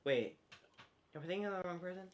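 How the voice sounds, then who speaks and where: A man's voice: sits high, expressive, fast talker. A man chatting on a casual livestream, giggly and hesitant. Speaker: co-host.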